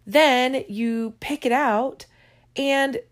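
Woman, unhurried, casual and digressive advice-giving vlogger. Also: high-pitched. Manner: chatty, digressive, yawning often.

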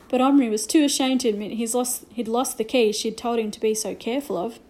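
Mellow woman reading a storybook. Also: fairly high pitch, a little fast, hardly any pauses. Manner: gentle storytelling with hushed asides. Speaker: reader. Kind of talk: reading a children's novel aloud.

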